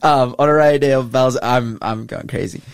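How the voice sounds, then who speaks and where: A man's voice: mid-range voice, steady tone, normal speed, no echo. A man co-hosting a radio show, playful and laughing often while reading out listener messages. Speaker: radio co-host. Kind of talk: casual radio chat.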